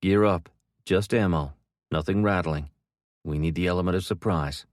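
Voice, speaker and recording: A man voicing a gruff army team leader barking brisk orders. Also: low-pitched, dry recording, studio quality, close to an everyday voice. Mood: commanding.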